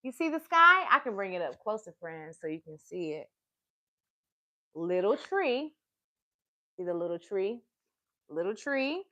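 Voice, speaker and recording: A woman's voice: mid-range voice, sing-song, bright, forceful tone. A woman reading a picture book aloud to young children on a live stream, asking them questions along the way. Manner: slow, sing-song, asks the listeners questions. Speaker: children's storytime reader. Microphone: streaming live, close to the device.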